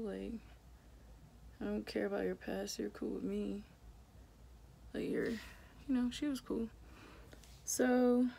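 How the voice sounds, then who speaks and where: A woman's voice: mid-range voice, creaky, a little mellow. A young woman vlogger chatting casually while doing her makeup, telling a story with lots of "like" and swearing. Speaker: beauty vlogger.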